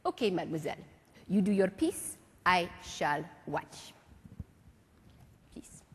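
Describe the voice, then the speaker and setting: A woman impersonating an older male French mime master with a French accent, instructing a student slowly and precisely, heard in a large reverberant hall. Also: on the low side, sing-song, slightly rough, voice pushed down, heavily acted. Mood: instructive. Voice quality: slow, precise, accented delivery with French words.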